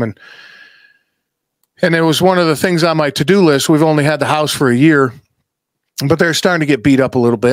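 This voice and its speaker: A man chatting as a podcast guest, telling casual stories in a profane, animated way that repeats itself. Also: mid-range voice, no room sound. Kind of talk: casual storytelling chat.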